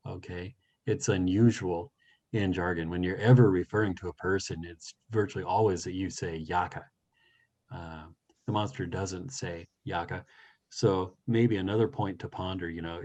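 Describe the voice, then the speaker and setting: A man leading a language study session, reading a story aloud and explaining it in a thoughtful, teacherly way with many pauses. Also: low voice, darkish tone. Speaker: session leader.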